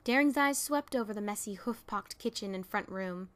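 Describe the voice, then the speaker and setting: A woman's voice: mid-range voice, moderate pace, fairly bright tone. A woman narrating a fan fiction audiobook, reading expressively and voicing its characters.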